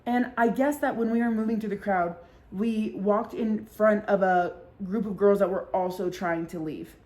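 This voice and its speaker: A woman's voice: medium pitch, steady tone, moderate pace, darkish tone. Young woman podcaster rambling thru a story, cussing a lot, says like constantly. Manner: chatty and profane, many filler likes. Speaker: podcast host. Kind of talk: casual storytelling chat.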